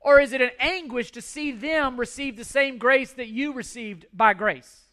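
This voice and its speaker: A man's voice: very high voice, normal speed, bright, forceful tone. A middle-aged man preaching a sermon, earnest and pleading, often repeating words as he restarts. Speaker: pastor.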